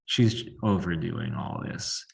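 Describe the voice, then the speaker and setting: A man's voice: low-pitched, wildly swooping pitch, slow pace, vocal fry. A man hosting a casual podcast chat, talking in a loose way with plenty of "like" and questions for his guest. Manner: chatty, lots of "like", quoting and asking. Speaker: podcast host.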